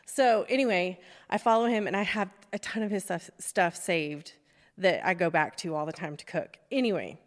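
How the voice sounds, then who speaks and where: A woman's voice: lowish voice, normal speed. Chatty woman in a reverberant room. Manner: rambling storyteller, laughs often. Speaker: podcast host. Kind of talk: casual chat. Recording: long reverb.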